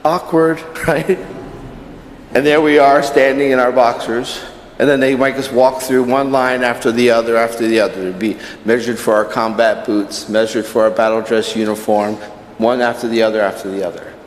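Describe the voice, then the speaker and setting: A Catholic priest gives a conversational sermon at Mass, weaving in personal stories. His mid-range voice is fairly even and paced normally, picked up from a distance in an echoey church with a little hiss or hum.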